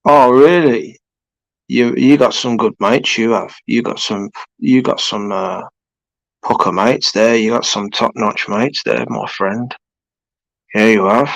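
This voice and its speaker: A British man in his forties hosts a casual live stream from his home. He talks slowly, rambling with frequent fillers and restarts. His voice sits close and dry, with no room sound. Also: fairly low pitch, gravelly, fairly bright tone, no room sound, low-quality recording. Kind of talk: casual chat with viewers.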